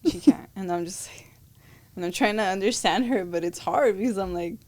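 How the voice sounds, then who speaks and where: A woman's voice: mid-range voice, fairly quick, darkish tone. A woman who is a podcast guest in casual chat, telling stories and acting out quoted dialogue.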